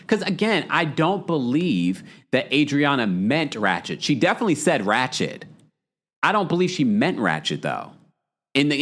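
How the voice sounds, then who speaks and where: A man's voice: mid-range voice, a bit bright. A man hosting a live show, chatting casually and reading viewer comments aloud with sassy asides. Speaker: podcast host recapping a reality show.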